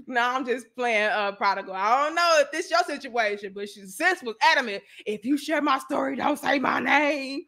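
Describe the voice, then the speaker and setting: Woman host, high and bright, talks animated and blunt, slangy live-stream chat. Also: moderate pace, few pauses. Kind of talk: casual live stream chat reading donations.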